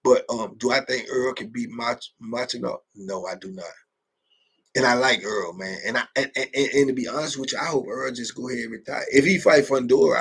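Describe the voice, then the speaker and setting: A man's voice: medium pitch, vocal fry, fairly bright tone, slightly rough. A middle-aged man hosting a late-night live chat, telling stories in street slang, repeating himself and laughing often. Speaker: host.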